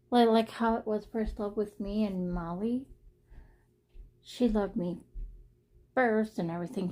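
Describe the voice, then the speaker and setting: A woman's voice: mid-range voice, mellow. A young woman talking casually to her viewers in a personal vlog, rambling and earnest, often repeating herself. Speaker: vlogger.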